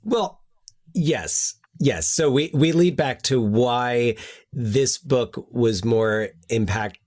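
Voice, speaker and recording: A man's voice: mid-range voice, slow pace, a little mellow. A man hosting a podcast in casual chat, thinking aloud with frequent restarts. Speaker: podcast host.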